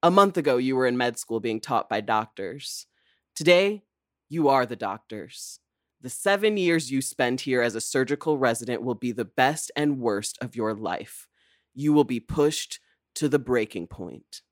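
A man's voice: medium pitch, animated, unhurried, dry recording, studio quality, lightly acted. A man reading a stern senior surgeon's speech to interns with an emphatic, stagey delivery.

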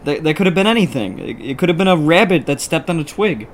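A man voicing an easygoing, dim sidekick in a comedy skit, tossing off offhand deadpan quips. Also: a little high, quick pace, a little hiss or hum, lightly acted. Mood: nervous.

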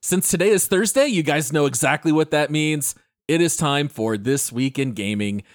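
A man's voice: fairly high pitch, moderate pace, no echo, studio quality. A man hosting a gaming podcast in casual chat, upbeat and joking as he introduces his co-hosts. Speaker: podcast host.

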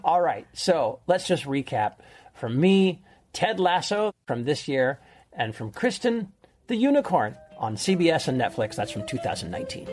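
Soft music plays behind a middle-aged man whose voice is on the high side, very animated, and a little mellow, at a moderate pace. Co-hosting a podcast, he recommends a show in casual, enthusiastic chat, rambling like a storyteller.

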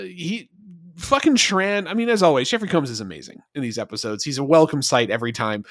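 Male podcast co-host, mid pitch, casual and rambling, dry close sound. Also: a bit bright, no room sound. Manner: rambling, many fillers and restarts. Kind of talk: casual review chat.

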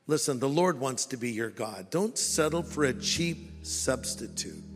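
A man preaching a sermon as pastor, animated and playfully mocking, acting out the voices he quotes. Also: mid-range voice, measured pace, music in the background. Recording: long hall reverb.

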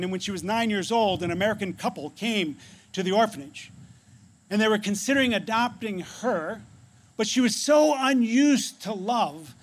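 A male pastor with a notably high voice delivers a sermon. He tells a story with dramatic pauses and lets his voice sink to a near hush on key phrases. He closes by leading a prayer. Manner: ends in prayer.

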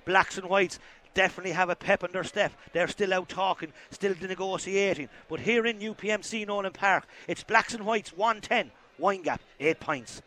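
An Irish man giving live play-by-play hurling commentary from an outdoor ground, calling the action excitedly and shouting at big moments. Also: sits high, moderate pace.

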